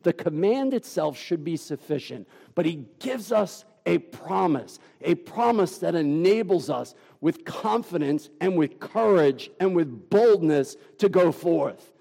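Gravelly, slow-preaching man. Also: a little high, lively intonation, dark tone, in a large hall. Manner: emphatic, deliberate preaching with dramatic pauses. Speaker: pastor. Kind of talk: sermon.

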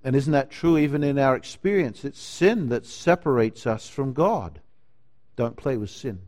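This pastor's sermon is slow and forceful, his animated mid-range voice swelling to loud declarations and sinking into hushed lines.

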